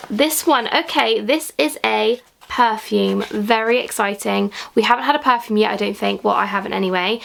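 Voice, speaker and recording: A young woman unboxing and reviewing beauty products in a gushing, excitable way, sometimes dropping to a whisper. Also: fairly high pitch, vocal fry. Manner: gushing, excitable, drops into whispers when thrilled. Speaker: beauty vlogger. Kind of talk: unboxing vlog, casual chat.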